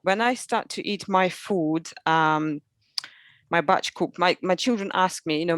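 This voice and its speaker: A woman's voice: on the low side, a little slow, dry recording. A mother, a guest on a podcast, telling chatty anecdotes full of fillers. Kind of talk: casual interview storytelling.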